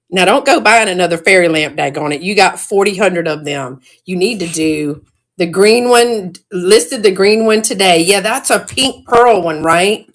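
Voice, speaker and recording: Chatty woman hosting a live sale. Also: medium pitch. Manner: chatty, excitable, greets viewers by name. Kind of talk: casual live-stream selling chat.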